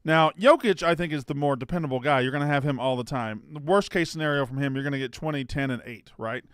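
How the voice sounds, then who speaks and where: Bantering man with a smooth voice. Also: fairly high pitch, fast talker, a bit bright, dry recording, clean studio sound. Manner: rambling, jokey, swears freely. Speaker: podcast co-host. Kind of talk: casual sports chat.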